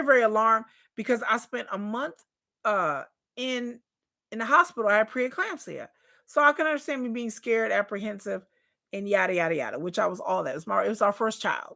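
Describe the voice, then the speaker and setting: Animated high-voiced woman reacting. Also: creaky. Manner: animated, incredulous, laughs often; drawling colloquial speech. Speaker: reaction commentator. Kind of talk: casual commentary on a reality show.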